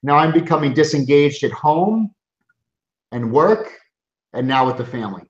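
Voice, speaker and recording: A man's voice: on the high side, expressive, normal speed. A middle-aged man, a chiropractor, giving an earnest, emphatic motivational webinar talk from his office, often restarting his sentences. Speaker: chiropractor and coaching group founder. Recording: roomy, dull lo-fi sound.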